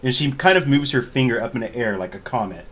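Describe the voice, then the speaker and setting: A man narrating as game master of an online tabletop game, in an animated, chatty way. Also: mid-range voice, quick pace. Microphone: video call.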